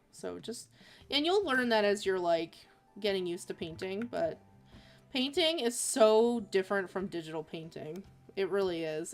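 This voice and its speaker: A woman streaming as an artist, chatting casually while drawing, rambling with lots of fillers. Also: mid-range voice.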